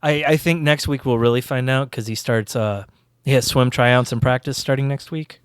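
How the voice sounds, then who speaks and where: A man's voice: mid-range voice, fairly even intonation, normal speed, smooth, dry recording, studio quality. A middle-aged man co-hosting a podcast in casual chat, easygoing with brief replies. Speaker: podcast co-host.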